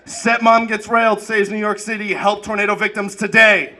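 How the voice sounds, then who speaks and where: High bright guy doing standup, punchy, yells the big lines. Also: moderate pace. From Arab American. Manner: energetic punchline delivery, shouts at peaks. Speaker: stand-up comedian. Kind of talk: stand-up comedy set. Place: comedy club stage with audience.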